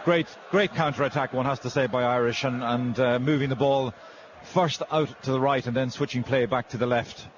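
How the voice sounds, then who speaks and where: A man giving rugby co-commentary, measured and a bit hesitant, often repeating words as he explains the play. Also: medium pitch, steady tone, muffled recording, slight background noise. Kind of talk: sports commentary analysis.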